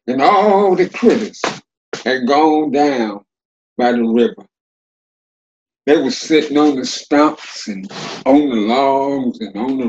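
Brief: older male folktale teller, animated sing-song delivery, dialect-rich and folksy. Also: mid-range voice, lo-fi sound. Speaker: storyteller. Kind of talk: folktale storytelling.

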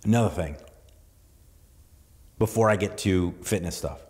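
A man's voice: low voice, a little slow, darkish tone, in a large hall. A man from southern California hosting a podcast, talking in a loose, rambling solo monologue with lots of restarts and cursing. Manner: rambling, profane, full of restarts and asides. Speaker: podcast host.

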